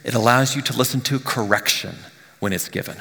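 A male pastor giving a conversational sermon, often dropping to a hushed near-whisper on key lines. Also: mid-range voice, fairly quick, creaky, big-room sound. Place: church sanctuary.

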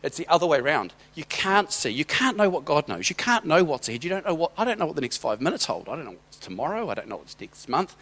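A man's voice: a little high, sing-song, quick pace, hardly any pauses, a bit bright. A middle-aged man giving a sermon as a personal story, conversational and rambling, with hesitant restarts. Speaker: church speaker.

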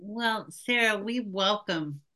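A woman's voice: mid-range voice, slow pace, bright, forceful tone. A woman in her fifties co-hosting a podcast in casual, playful chat, with frequent laughs. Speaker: podcast co-host.

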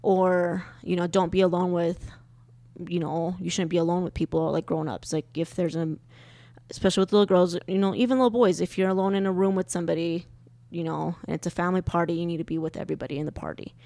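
A young woman co-hosting a podcast with her husband, chatty and quick to laugh, emotional as she talks about children. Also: on the low side, steady tone, creaky, dark tone, dry recording. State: pregnant. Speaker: podcast co-host. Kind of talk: casual chat.

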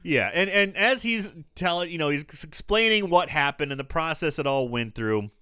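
A man co-hosting a casual podcast, recapping a movie scene by scene in an animated storytelling way. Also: fairly high pitch, normal speed, clear, resonant tone.

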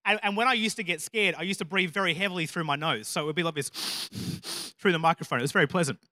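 A man's voice: fairly high pitch, very fast, pushed and bright, dry recording, studio quality. Man, preacher, sermon, self-deprecating stories, emphatic repeated lines, tense edgy voice. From Australia.

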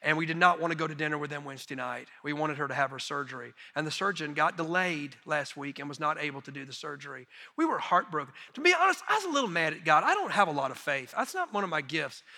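A middle-aged man preaching as a missionary, telling folksy, self-deprecating stories in an animated way. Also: fairly high pitch, fast, creaky, hardly any pauses. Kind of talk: sermon storytelling. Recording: long reverb of a large hall.

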